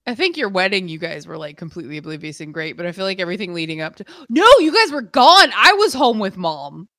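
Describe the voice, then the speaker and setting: A young woman co-hosting a casual podcast, blunt and quick to vent, laughing often. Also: on the low side, very animated, fairly bright tone, no echo, studio quality. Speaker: podcast co-host.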